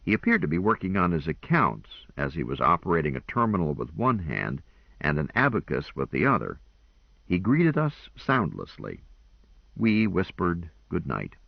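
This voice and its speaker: A man reading an audiobook in a measured, expressive first-person narration, in a dull lo-fi recording. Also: low voice, gravelly, no room sound.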